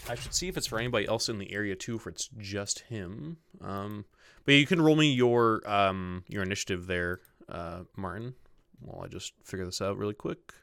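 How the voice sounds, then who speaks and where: A man with a lowish voice and fairly bright tone acts as game master for a tabletop role-playing game, laying out the scene and rules at normal speed. He uses lots of fillers and mutters asides to himself while setting things up. The recording has no echo.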